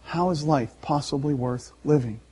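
Animated man preaching a sermon. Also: a little high, normal speed, breathy edge. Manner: animated, laughing, acting out voices. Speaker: pastor.

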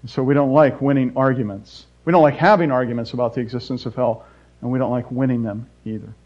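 A man preaching a sermon as pastor, swinging between loud emphasis and soft, quiet asides. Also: mid-range voice, steady tone, quick pace. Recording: dull lo-fi recording.

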